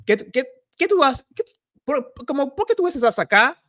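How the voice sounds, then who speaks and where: A man's voice: extremely high pitch, sing-song, a little fast, a bit bright, no echo, studio quality, pitched above the performer's own voice, exaggerated voice. A man putting on a bossy man who scolds someone sharply. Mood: scolding.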